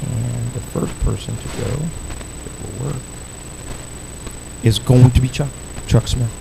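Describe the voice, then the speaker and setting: A man's voice: medium pitch, steady tone, measured pace, vocal fry, noisy background. A man organizing a candidate forum, giving loose, rambling announcements with many restarts. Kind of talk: casual announcements.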